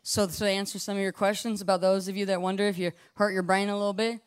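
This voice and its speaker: A woman preaching a conversational sermon, impassioned and casual, full of asides, swinging between hushed and loud. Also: medium pitch, level tone, fast talker, clean tone.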